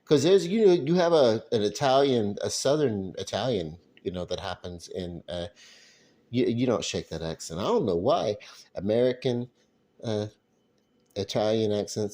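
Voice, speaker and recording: Brief: low-voiced guy rambling at home while cooking, laughs at himself. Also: animated, normal speed, dark tone. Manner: rambling, self-deprecating, chuckling. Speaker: vlogger. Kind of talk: casual cooking vlog. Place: home kitchen at night.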